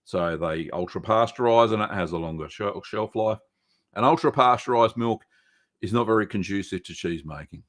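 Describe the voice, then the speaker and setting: A man's voice: on the low side, moderate pace. A middle-aged man hosting a live stream, casually answering viewer questions with lots of ums and uhs in a small echoey room. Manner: relaxed, chatty, many ums and uhs.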